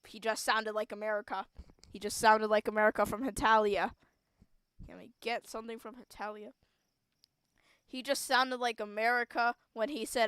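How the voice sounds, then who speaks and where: A woman streamer playing a game on a close mic, reading the text aloud and reacting with loud exclamations. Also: fairly high pitch, normal speed, smooth, no room sound, poor audio. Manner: animated, exclaims, laughs and wheezes at the game. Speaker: gaming streamer.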